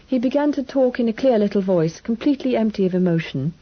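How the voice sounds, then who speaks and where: A woman narrating an audiobook in the first person in an even, measured storytelling manner. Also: a little high, dull audio.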